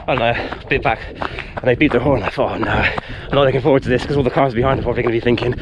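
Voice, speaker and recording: A man's voice: mid-range voice, very fast, hardly any pauses, muffled recording, noisy background. A man vlogging outdoors in a wood, telling a story casually with lots of fillers, a little tired from running. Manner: rambling, animated retelling with frequent fillers.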